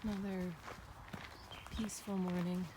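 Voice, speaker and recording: Walking a rural trail on a long-distance trek, a woman vlogs into a handheld phone, upbeat and easygoing, laughing readily. Her voice is fairly low and level, her pace unhurried, with a noisy background.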